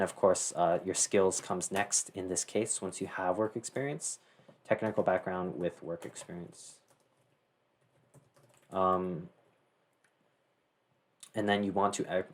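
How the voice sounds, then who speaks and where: A teenage boy casually talking through a screen-share tutorial, rambling with many fillers and self-corrections. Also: low voice. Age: teens. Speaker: tutorial host.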